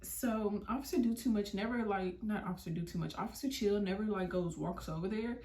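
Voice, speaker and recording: A young woman vlogger telling a story, animated and slangy. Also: mid-range voice, fairly quick. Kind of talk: storytime vlog. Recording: roomy, mic at a distance.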